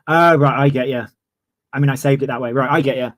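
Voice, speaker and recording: A man's voice: medium pitch, steady tone, slow, pauses often, no echo. A man in his twenties, ranting heatedly on a livestream and swearing freely. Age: 20s. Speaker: streamer. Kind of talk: livestream commentary.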